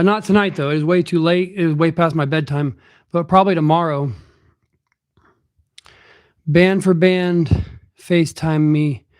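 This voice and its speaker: A man's voice: a little high, a little mellow. A man streaming live, casually answering his viewers' chat in easygoing banter while working out. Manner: easygoing, laid-back banter. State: working out between comments. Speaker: livestreamer.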